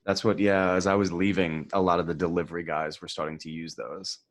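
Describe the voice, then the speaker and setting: A man's voice: low voice, little pitch movement, fairly quick. A man co-hosting a podcast in casual chat, laughing often and exclaiming. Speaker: podcast co-host.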